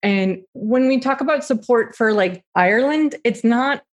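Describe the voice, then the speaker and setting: A woman's voice: fairly high pitch, animated, unhurried. A woman in her late thirties, a guest in a political interview, speaking earnestly with frequent restarts. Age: late 30s.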